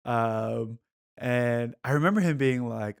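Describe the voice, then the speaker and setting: A man's voice: mid-range voice, slow, vocal fry, clean tone. A man co-hosting a podcast, telling rambling stories in casual chat with lots of fillers and quoted asides. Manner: rambling storyteller, many fillers and mimicked quotes. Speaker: podcast co-host.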